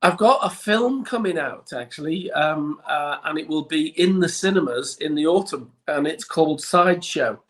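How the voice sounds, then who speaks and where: A man's voice: a little high, lively intonation, normal speed, hardly any pauses, a bit bright. A man with a Liverpool accent, a guest chatting casually in an interview with many little restarts. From Liverpool, England. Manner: chatty, frequent restarts and ums. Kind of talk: relaxed interview chat.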